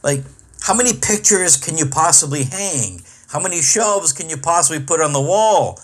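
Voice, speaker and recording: A middle-aged man rants through a comic podcast monologue, swearing freely and sounding exasperated. His voice sits a little above the usual male pitch. He tells the story in a loose, conversational way, full of asides. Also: lively intonation, normal speed, a bit bright. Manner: profane, exasperated ranting. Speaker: podcast host and comedian.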